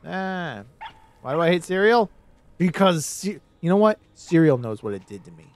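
A man streaming a game, rambling in casual commentary with sudden excited outbursts. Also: a little high, moderate pace.

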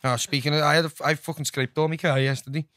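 A man's voice: on the high side, steady tone, fast talker, fairly bright tone, no echo, studio quality. A man with a Liverpool accent, a podcast guest chatting casually with friendly, sweary banter. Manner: chummy backchannel, sweary banter. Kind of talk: casual chat.

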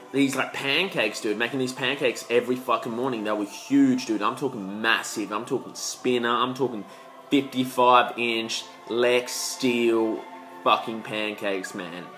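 A man's voice: mid-range voice, a little slow, sharp tone, soft background music. A young man, vlogging in a rambling, profane, slang-heavy way. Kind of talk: casual rambling vlog.

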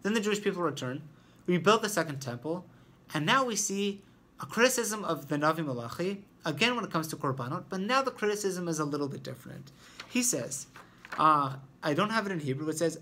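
A man's voice: high-pitched, animated, quick pace, pushed and bright. A man teaching an informal Torah lesson who explains step by step and thinks aloud as he talks.

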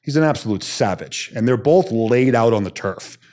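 A man's voice: medium pitch, animated, moderate pace, darkish tone. A man, a former soldier, telling his story bluntly and emphatically as a podcast guest, swearing casually.

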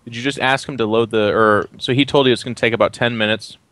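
A man's voice: mid-range voice, steady tone, fast talker, fairly bright tone, dry recording. A man narrating a tabletop role-playing game as game master, chatty and playful.

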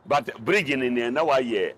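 An older man from Ghana with a Ghanaian accent, a veteran cargo driver who is the guest in an interview, telling his stories in an animated way and repeating words for stress. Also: medium pitch, measured pace, slight background noise. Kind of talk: casual interview talk.

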